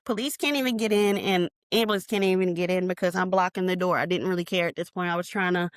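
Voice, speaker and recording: Speaking fast in a lowish, fairly even voice, this woman is recorded cleanly in the studio with no room sound. She appears as a podcast guest in a personal storytelling interview, emotionally recounting a painful memory. She acts out what she and others said, shouts included.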